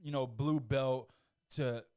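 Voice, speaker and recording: A man's voice: mid-range voice, steady tone, slow pace, darkish tone, clear, resonant tone. A man guest on a podcast, telling stories in a laid-back casual chat and swearing freely.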